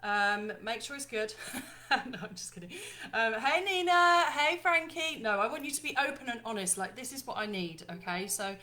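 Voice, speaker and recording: A woman launching her ebook talks directly to viewers on a casual live stream, chatty, bubbly, and apologetic, addressing them as lovely ladies. Her bright, forceful voice runs on the high side, with lively intonation, a moderate pace, and hardly any pauses.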